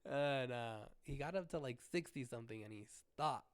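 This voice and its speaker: A man hosting a podcast, telling an animated story with heavy cursing and frequent restarts. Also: medium pitch, fairly quick, dry recording. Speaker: podcast host. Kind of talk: casual solo storytelling.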